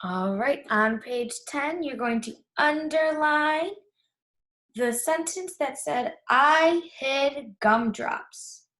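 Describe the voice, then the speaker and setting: A woman teacher walking children through a workbook lesson, patiently repeating the key words slowly. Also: high-pitched, fairly bright tone. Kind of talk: guiding a class through a workbook.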